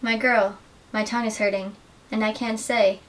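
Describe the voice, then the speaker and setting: A young adult woman giving an earnest, measured dramatic reading of literary excerpts as a student reader. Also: medium pitch, level tone. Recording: distant mic with faint hiss.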